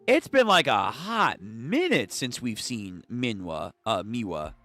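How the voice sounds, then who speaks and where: Excitable young man reacting to manga. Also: medium pitch, takes it slowly, no room sound, soft background music. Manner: excitable, swears, stumbles over names. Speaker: channel host reading manga aloud. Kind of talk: casual read-through with live reactions.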